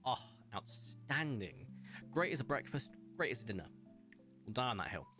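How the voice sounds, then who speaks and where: A man's voice: medium pitch, big pitch swings, normal speed, pushed and bright, faint music behind. A young English man streaming a game, chatting casually and enthusiastically, rambling with frequent laughs. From England.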